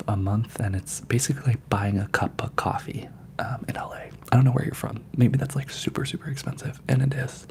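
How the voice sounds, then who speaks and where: A man hosting a livestream, chatting in a soft, mostly whispered ASMR voice and rambling with many fillers. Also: mid-range voice, creaky, slight background noise. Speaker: ASMR channel host.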